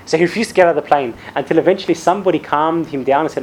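Male preacher, fairly high voice, lively storyteller who acts out the quotes and keeps asking "okay?", faint hiss behind him. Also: very fast, low-quality recording. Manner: storytelling, acts out quotes, frequent "all right?" and "okay?" checks. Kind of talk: sermon.

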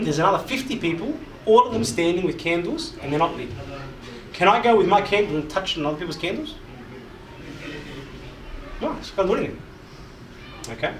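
A youth preacher delivers a sermon to a live group in an echoey hall, his high, fairly bright voice swinging widely as he drives home each point. He repeats himself and poses questions to the listeners, captured by a distant mic with audible background noise.

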